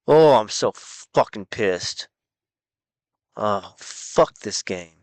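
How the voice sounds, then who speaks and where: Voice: medium pitch, lively intonation, drawn-out words, darkish tone, no room sound. A gaming streamer giving casual commentary while playing, frustrated, swearing and muttering at the game.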